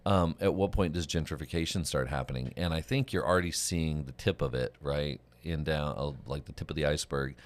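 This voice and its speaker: A man hosts a morning show. He talks in a very deep, low register and tells loose, rambling stories, breaking into laughter and starting his sentences over. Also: brisk, hardly any pauses. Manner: rambling storyteller with restarts and laughs. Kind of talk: casual chat.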